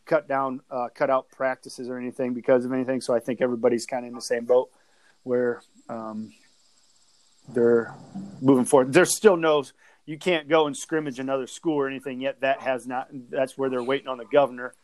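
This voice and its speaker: A man's voice: mid-range voice, fairly even intonation, a little fast, a little mellow, rough recording. A man co-hosting a podcast, chatting casually about sports with lots of fillers and restarts. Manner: rambling, with many fillers and restarts.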